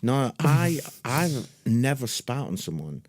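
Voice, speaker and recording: Male podcast co-host, animated and joking, swooping delivery, dry close sound. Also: mid-range voice, no room sound. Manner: jokey, animated, quick asides. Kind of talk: casual chat.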